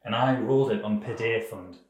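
Overconfident comedy host. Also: male voice, on the low side, brisk, echoey room, distant mic. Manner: overconfident, deadpan, evasive. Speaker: podcast host. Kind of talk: comedic podcast banter.

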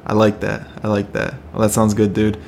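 A man hosting a casual podcast, laid-back and quick to laugh, often repeating his words. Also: lowish voice, monotone, gravelly, darkish tone, a little hiss or hum. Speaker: podcast host. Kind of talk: casual podcast chat and outro.

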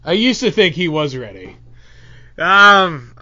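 A man hosting a podcast in casual banter, loud and teasing. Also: sits high, lively intonation, slow pace. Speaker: podcast host. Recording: dull lo-fi podcast audio.

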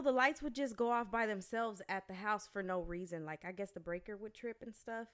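A woman's voice: medium pitch, sharp tone, clear, resonant tone. A young woman co-hosting a casual chat show, telling a story animatedly and swearing freely. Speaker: podcast co-host.

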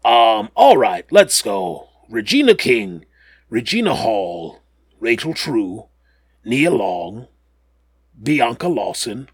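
A man hosts a casual podcast, rambling with jokey asides while he shakes off the flu. His low voice is gravelly and a little husky, and it swings widely in pitch. The sound is dry and close. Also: very animated, slow, no room sound. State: getting over the flu. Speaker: podcast host.

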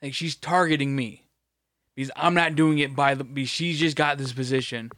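A man's voice: mid-range voice, fairly even intonation, brisk, fairly bright tone, no room sound, clean studio sound. A man in casual chat, rambling and swearing as he tells a work story. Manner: rambling, profane, sympathetic storyteller.

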